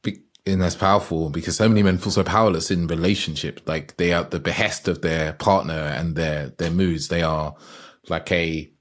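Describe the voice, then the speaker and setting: A man's voice: deep voice, fairly even intonation, normal speed. A man hosting a podcast interview, reflective and searching for words as he summarizes his guest's points. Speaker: podcast host.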